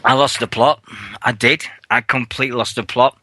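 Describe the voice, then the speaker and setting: A man's voice: mid-range voice, moderate pace. A man co-hosting a radio show, chatting casually and swearing a lot. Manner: rowdy, animated, acts out loud mocking voices in quotes.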